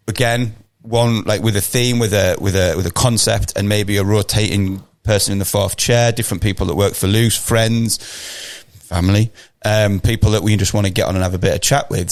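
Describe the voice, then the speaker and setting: An upbeat young man co-hosts a podcast and swears casually. His voice sits a little low, and the recording is dry with no room sound. He talks eagerly. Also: dry recording. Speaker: podcast co-host. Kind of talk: casual chat. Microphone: podcast studio mic.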